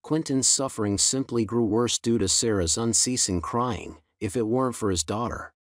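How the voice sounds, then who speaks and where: A man's voice: mid-range voice, normal speed, dry recording. Man reading a story in a dry room. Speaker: narrator. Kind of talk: scripted story narration.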